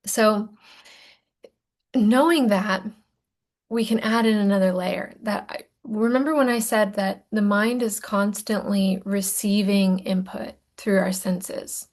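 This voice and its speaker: In a medium-pitched voice, a woman guides listeners through a recorded lesson about emotions. She pokes fun at herself playfully and sometimes lowers her voice to a soft whisper for emphasis.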